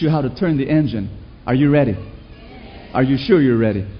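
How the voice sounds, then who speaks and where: At medium pitch and a slightly fast pace, the male preacher comes through in lo-fi sound. Stories delivered with energy and rhetorical questions to the congregation drive his call-and-response sermon.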